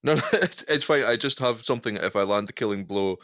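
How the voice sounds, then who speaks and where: A man's voice: medium pitch, fast, a bit bright, no room sound, clean studio sound. An easygoing man chatting as a player in a tabletop game, laughing often. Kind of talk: casual tabletop game chat.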